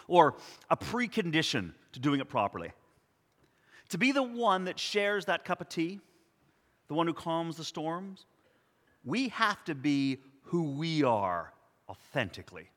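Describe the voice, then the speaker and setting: A man in his sixties preaching a sermon, telling personal stories in an earnest, reflective way with soft pauses. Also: a little high, sing-song, in a large hall. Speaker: pastor.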